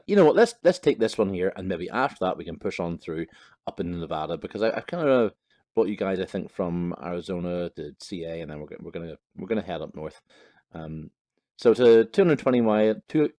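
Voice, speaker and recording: A man's voice: low-pitched, darkish tone. A man with a Northern Irish accent giving casual, rambling let's-play commentary, full of fillers and cheerful swearing. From Northern Ireland. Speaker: gaming commentator.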